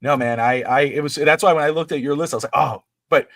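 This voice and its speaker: A man's voice: fairly high pitch, fast, fairly bright tone, no room sound. A middle-aged man co-hosting a wrestling podcast in casual chat, rambling and restarting his sentences. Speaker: podcast co-host.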